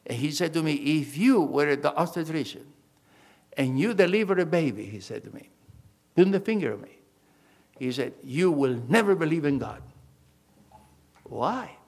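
A pastor preaching a sermon, acting out conversations with emphatic storytelling and phrasing. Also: male voice, on the high side, vocal fry, a bit bright.

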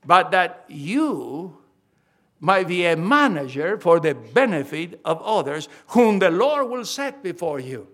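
A man's voice: high voice, very animated, a little slow, few pauses. An older man preaching a sermon, talking emphatically, repeating key phrases and often restarting his sentences.

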